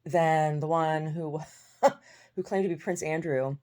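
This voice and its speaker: A woman's voice: low voice, takes it slowly, a little mellow. An American woman telling stories in a casual, blunt, sarcastic way, swearing, laughing often and restarting her words. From United States. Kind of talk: casual storytelling monologue.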